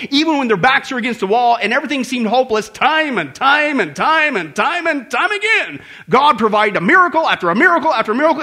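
Lively, high-voiced preaching man. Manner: animated, conversational, full of rhetorical questions. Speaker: pastor. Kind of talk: sermon. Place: church service before a congregation.

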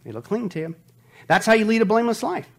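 A man preaching with a high, lively voice that swoops up and down. He is a middle-aged pastor, animated, full of rhetorical questions and quick jokes. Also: gravelly. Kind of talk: sermon.

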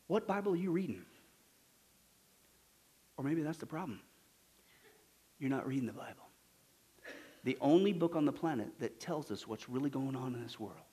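Emphatic high-voiced male preacher. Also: expressive, slightly rough. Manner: emphatic, swings from loud to hushed; rapid scripture citations. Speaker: pastor. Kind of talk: sermon.

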